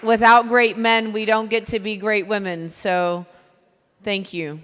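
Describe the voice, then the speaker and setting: A woman's voice: mid-range voice, flat delivery, unhurried, fairly bright tone. Texan woman emceeing in a reverberant hall. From Texas. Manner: chatty, self-deprecating, loose. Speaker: event emcee. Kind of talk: live event emcee remarks. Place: event hall.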